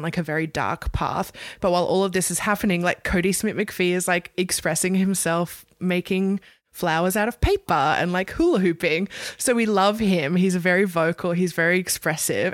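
A woman's voice: on the low side, no room sound, studio quality. A woman with an Australian accent co-hosting a casual pop culture podcast, talking in a chatty way with lots of fillers. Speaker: podcast co-host.

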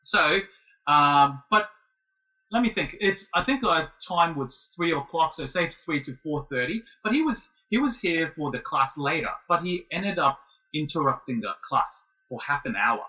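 A man in his late thirties telling a casual story as a guest, animated and halting, with many restarts. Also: a little high, recorded from a distance, poor audio. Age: 30s. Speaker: guest, martial arts student.

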